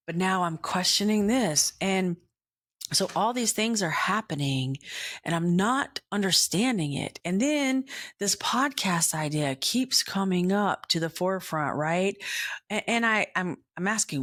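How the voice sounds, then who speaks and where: A woman's voice: fairly low pitch, measured pace, dry recording, studio quality. A middle-aged woman hosting a podcast, telling a rambling personal story and acting out bits of dialogue in other voices. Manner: animated, rambling, acts out dialogue with whispered asides. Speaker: podcast host. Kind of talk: casual storytelling monologue.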